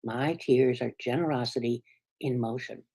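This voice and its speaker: A woman minister from the United States giving a sermon in an earnest, conversational way. She often checks in with the congregation and moves between soft, hushed asides and sudden emphatic peaks. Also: extremely low pitch, moderate pace, slightly rough.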